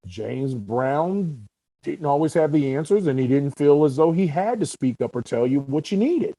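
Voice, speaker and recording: A young adult man, a guest actor, chatting casually and telling stories in an animated, talkative way. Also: fairly high pitch, moderate pace, dry recording, poor audio. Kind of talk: casual podcast chat.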